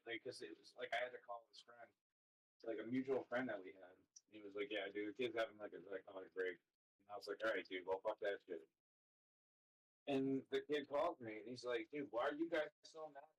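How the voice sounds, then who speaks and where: A man's voice: on the low side, low-quality recording. A man in a live stream chat telling a rambling, profane story, full of "like" and "dude". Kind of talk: casual storytelling.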